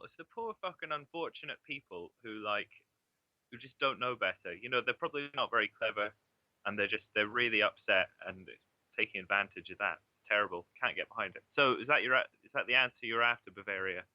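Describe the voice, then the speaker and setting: A man's voice: on the low side, expressive, fast talker, no echo. Chatty young man with dull lo-fi audio. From southeast England. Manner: chatty, swears freely, laughs often. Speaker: guest. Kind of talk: casual online chat.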